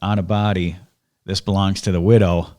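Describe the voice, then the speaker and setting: A middle-aged man talks with his father on a podcast, his voice sitting fairly low. He tells family stories in a relaxed, reflective way, the tone of a casual conversation. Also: normal speed. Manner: storytelling, reflective. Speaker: podcast host.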